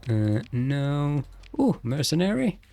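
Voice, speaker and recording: A man's voice: fairly high pitch, very animated, slow pace, mellow. A man streaming a game and commenting casually, rambling and joking and laughing often.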